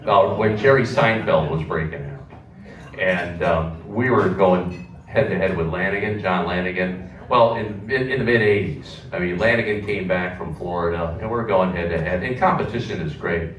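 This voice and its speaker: A man's voice: sits low, fairly bright tone, far from the mic. A man, a former radio morning host, reminiscing on stage in a chatty, laughing way. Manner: chatty and laughing, with a quick back-and-forth. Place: indoor music venue. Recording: echoey room, heard from afar over a crowd.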